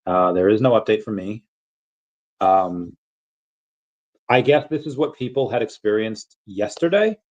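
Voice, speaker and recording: A man hosting a casual crypto livestream, rambling in a relaxed way with many fillers and bouts of hiccups. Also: fairly low pitch, unhurried, pauses often, lo-fi sound. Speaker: crypto channel host.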